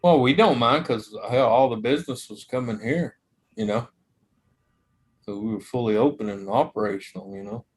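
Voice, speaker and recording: A man chats casually on a live stream, telling rambling stories. His voice sits at a middle pitch, and he laughs often as he goes. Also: moderate pace, husky.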